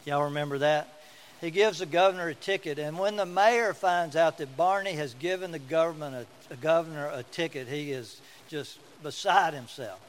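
A man's voice: on the high side, normal speed, low-quality recording. A man preaching a sermon as pastor, telling folksy stories and repeating words for emphasis.

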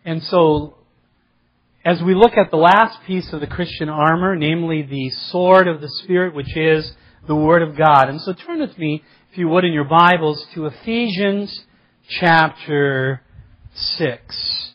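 A man's voice: a little high, moderate pace. A man preaching a sermon from the Bible, with emphatic repetition. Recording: slightly dull lo-fi sermon recording.

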